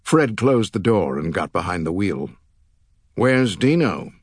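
A male audiobook narrator with a fairly low voice that rises and falls with lively expression. He reads in a measured, storytelling way. The recording is close and completely dry. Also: husky, no echo. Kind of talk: scripted narration. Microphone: close studio mic.

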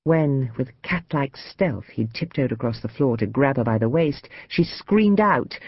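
A woman narrating a novel in a measured, dramatic storytelling manner. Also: a bass voice, lively intonation, slightly rough, no room sound, muffled recording. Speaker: audiobook narrator. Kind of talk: scripted narration.

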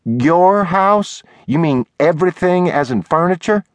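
A man voicing a flustered young woman assistant who fires off high, rising questions in an audiobook. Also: expressive, unhurried, no echo. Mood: alarmed.

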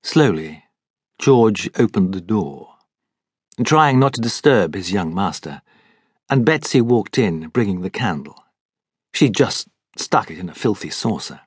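A man reading an audiobook in measured, scripted narration. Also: lowish voice, very animated, slightly rough, no echo, clean studio sound. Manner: measured storytelling.

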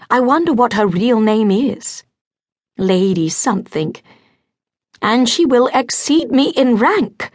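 A woman's voice: a little high, no echo, studio quality, voice pushed up. A woman voicing a fretful, social-climbing titled mother in an audiobook, exclamatory and plaintive.

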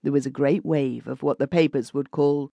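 A woman narrating a classic short story as an audiobook reader, in an expressive storytelling manner. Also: extremely low pitch, moderate pace, creaky, no echo, dull audio. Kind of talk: scripted narration.

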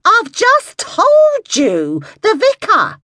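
A woman's voice: very high voice, wildly swooping pitch, extremely slow, sharp tone, no room sound, studio quality, voice pushed up, exaggerated voice. A woman voicing a querulous, pushy older woman on the phone, whiny and impatient, for an audiobook. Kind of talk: audiobook dialogue.

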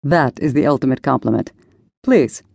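A woman voicing a gracious older man who runs a restaurant, speaking in a courtly, unhurried way. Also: extremely low pitch, vocal fry, a little mellow, no room sound, full character voice. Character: older Italian-American male restaurant owner, gracious host.

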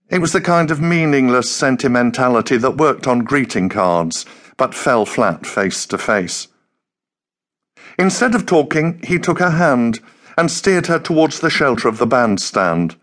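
A male audiobook narrator telling a story in a measured, even way. His voice sits at an ordinary middle pitch, with nothing showy. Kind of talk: scripted narration.

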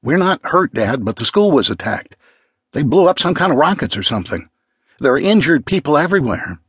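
A man's voice: fairly high pitch, big pitch swings, a little fast, fairly bright tone, breathy edge, dry recording, studio quality, pitched above the performer's own voice, heavily acted. A male narrator voicing a determined young female college student who speaks urgently.

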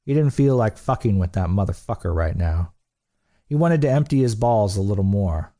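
A man narrating an audiobook in a steady, blunt, profane delivery. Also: on the low side, moderate pace. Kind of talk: scripted narration.

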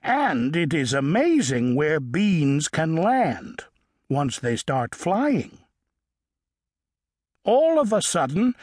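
Male children's audiobook narrator with a lively, singsong delivery and a fairly high voice. Dry, close studio sound. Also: slightly rough, dry recording. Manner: slow, expressive storytelling with playful emphasis. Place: recording studio. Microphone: studio microphone.

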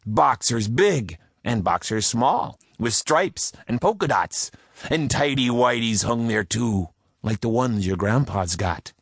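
Male storybook narrator, sing-song rhyming delivery, unhurried pace. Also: medium pitch, animated, vocal fry, husky, dry recording, clean studio sound. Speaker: audiobook narrator. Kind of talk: reading a rhyming story aloud.

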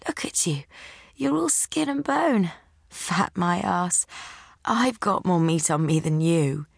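A woman narrator voicing a cheeky, bossy woman in her thirties who is gravely ill and teases her friend in a soft voice. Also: fairly low pitch, animated, takes it slowly, dry recording, clean studio sound, exaggerated voice. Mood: teasing. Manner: teasing, bossy, soft-spoken.

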